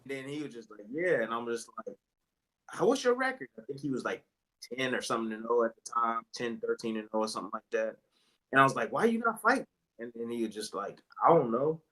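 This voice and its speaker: A man in an interview, retelling boxing stories in a casual, animated way and acting out what others said. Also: medium pitch, fast, low-quality recording. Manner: animated, acts out quotes with voice jumps. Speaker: interview guest, retired boxer.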